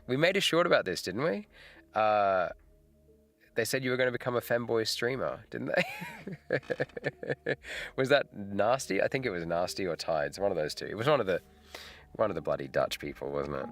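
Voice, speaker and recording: A man's voice: on the low side, huge pitch swings, normal speed, a bit bright. A middle-aged man, hosting a casual livestream chat, laid-back and rambling, laughing often. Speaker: livestream host. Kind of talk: casual live chat with viewers.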